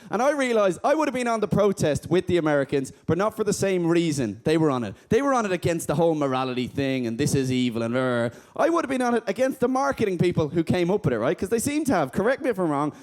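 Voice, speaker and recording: A man's voice: high-pitched, a little mellow. A man doing a stand-up comedy routine on stage, chatty and often checking in with the crowd. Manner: chatty, keeps checking in with "right?".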